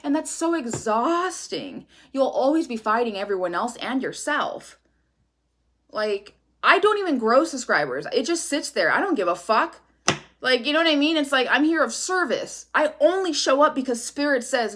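Woman doing a tarot reading, kinda high voice, sassy and blunt, swears a lot. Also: big pitch swings, moderate pace, fairly bright tone. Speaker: tarot reader. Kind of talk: casual tarot reading monologue.

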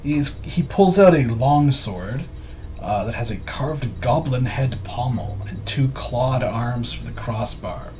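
A man's voice: medium pitch, lively intonation, slow pace, darkish tone, slight background noise. A man narrating a tabletop game as game master in a loose, chatty, laughing way.

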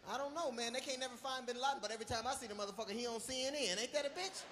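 A male comedian doing a loud, profane, punchy live stand-up routine. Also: very high-pitched, very fast, slight background noise.

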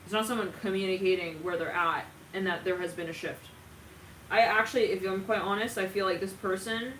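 A woman reads tarot in a loose, animated way, laughing and tossing in the odd curse word. Her voice sits at a middling pitch and sounds set back from the mic. The room rings around her, with a faint hum of ambience underneath. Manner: animated, swears, laughs often, dramatic asides. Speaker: tarot reader. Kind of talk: casual tarot reading monologue. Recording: roomy, distant from mic, faint ambient noise.

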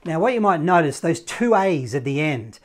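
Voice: mid-range voice, big pitch swings, moderate pace, over loud music. Laid-back saxophone teacher scatting rhythms. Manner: casual, encouraging, scats rhythms and counts in. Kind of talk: online music lesson.

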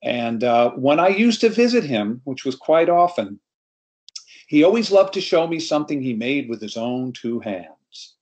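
A man's voice: medium pitch, very animated, unhurried, a little mellow. A middle-aged man from New York, a storyteller, giving an anecdotal presentation on a video call.

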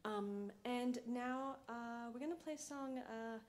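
A woman bandleader chatting softly between songs at a live concert, with frequent pauses and light laughter. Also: on the high side, slight background noise. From Malaysia. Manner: soft-spoken, with frequent ums and light laughs. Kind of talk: stage banter between songs. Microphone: stage microphone.

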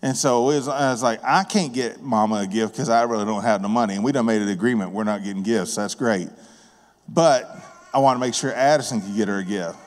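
A man's voice: lowish voice, brisk. A man preaching a sermon in a plain-spoken, conversational way, telling stories from his work as a contractor and business owner. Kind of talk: sermon with personal storytelling. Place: church sanctuary. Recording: long reverb of a church hall.

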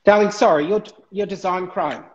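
A man's voice: sits high, normal speed. Playful male host, lo-fi. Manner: playful, teasing, affectionate. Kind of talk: casual live-stream chat. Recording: dull lo-fi stream audio.

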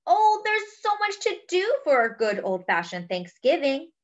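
A woman's voice: high-pitched, sing-song, measured pace, voice pushed up. A woman voicing a fussy, kindly male hippo in a storybook read-aloud, earnest and a little huffy. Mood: fussing. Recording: dull lo-fi recording.

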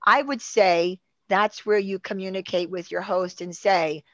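A woman producer, a guest on a video-call talk show, chatting in a lively, conversational way. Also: on the low side, normal speed, few pauses, no room sound, muffled recording. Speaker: executive producer.

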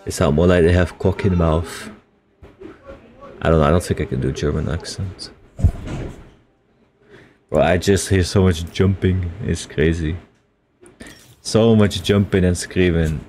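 A man's voice: deep voice, steady tone, a little slow, pauses often, a little mellow, slight background noise. A young man with a Dutch accent streaming a game, chatting casually, reading chat aloud and swearing freely.

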